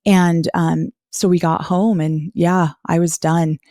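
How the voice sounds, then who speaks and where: Woman interview guest, candid and earnest, lowish mellow voice. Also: level tone, slow pace, no echo, studio quality. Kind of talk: personal life story in conversation.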